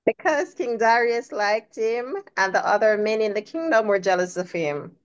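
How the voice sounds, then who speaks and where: A woman answering a quiz question slowly and carefully over a video call. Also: a little high, lively intonation, clear, resonant tone, highs cut off. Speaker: quiz participant.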